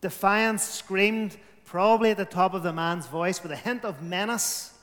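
A man's voice: high-pitched, normal speed, a bit bright, big-room sound. A man preaching a sermon, emphatic, his volume rising and falling.

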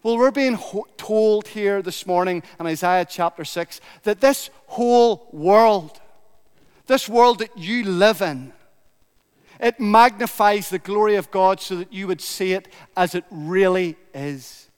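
A man's voice: sits high, unhurried, clear, resonant tone, long reverb tail. A man preaching a sermon in a church, emphatic and building his points through repetition.

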